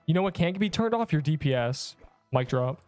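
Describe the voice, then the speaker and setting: A man's voice: fairly high pitch, lively intonation, normal speed, a little mellow, dry recording, soft background music. A man in his twenties livestreaming a game, chatting casually and rambling as he reads chat messages aloud.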